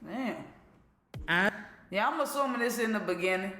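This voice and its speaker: A man's voice: high voice, lively intonation, normal speed, bright, forceful tone, reverberant. A man casually commenting on a clip for a reaction video, laid-back and slangy.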